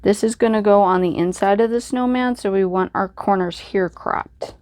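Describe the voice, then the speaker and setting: A woman's voice: mid-range voice, moderate pace, darkish tone, no room sound. A woman hosting a crafting video, chatting casually and thinking aloud as she works. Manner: chatty, self-deprecating, thinks aloud while working. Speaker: crafting channel host. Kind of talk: casual crafting tutorial voice-over.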